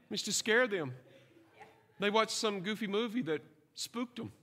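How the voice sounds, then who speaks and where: A man's voice: sits high, lively intonation, unhurried, bright, forceful tone, big-room sound. A middle-aged man preaching a sermon, telling funny stories and checking in with the congregation. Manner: humorous storytelling with asides to the congregation. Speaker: pastor.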